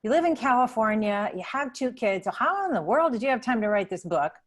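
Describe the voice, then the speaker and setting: A woman's voice: fairly high pitch, sing-song, fairly quick. A woman interviewing an author on a video call, asking long questions with many restarts and repeated words. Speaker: interviewer, congresswoman.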